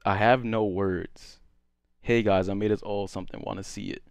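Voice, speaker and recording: A man's voice: on the low side, fairly even intonation, moderate pace, clean tone, dry recording. A young man, drunk, chatting casually on a streamed dating show, rambling and stuttering with lots of slang. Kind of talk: casual chat.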